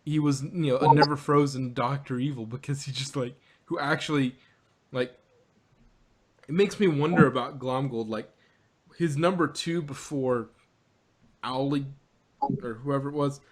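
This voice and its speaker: A man's voice: mid-range voice, moderate pace, pauses often. A man co-hosting a casual review chat, rambling with many restarts and frequent laughs. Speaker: podcast co-host.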